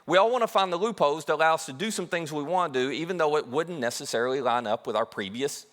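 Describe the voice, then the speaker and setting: A man's voice: a little high, quick pace, a bit bright, long reverb tail. A man preaching a sermon as a pastor, talking conversationally and acting out quoted asides. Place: church auditorium.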